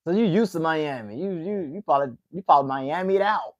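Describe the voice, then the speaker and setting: Host: late-20s Southern man with an Atlanta accent, relaxed and chatty, talking to his viewers. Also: on the high side, a little fast, muffled recording. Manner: laid-back, chatty, reacting to chat. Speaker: livestream host. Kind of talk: casual chat with viewers.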